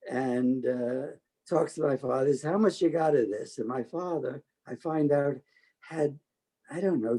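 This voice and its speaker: An older man telling stories from his working life, talkative and quick to act out what others said. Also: mid-range voice, breathy edge, low-quality recording. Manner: talkative, animated quoting of others. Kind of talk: storytelling oral history.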